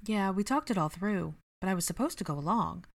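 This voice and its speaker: A woman's voice: medium pitch, expressive, brisk, gravelly. A woman reading the part of a tired, stubborn young mother in a storybook reading. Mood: weary.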